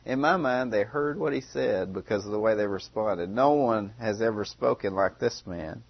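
A man's voice: fairly low pitch, moderate pace, creaky, lo-fi sound. A man preaching a sermon in a conversational way, often repeating phrases and restarting.

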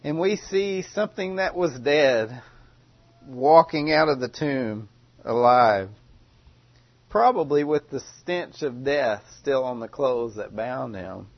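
A man preaching a sermon in a dramatic way, with loud cries and long hushed pauses. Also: mid-range voice, no echo, dull audio.

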